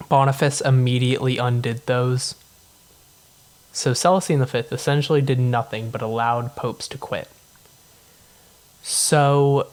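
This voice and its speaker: A man casually retelling history as a podcast host, playful and conversational. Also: medium pitch. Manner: conversational, playful, acts out quotes. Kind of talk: casual comedic history storytelling.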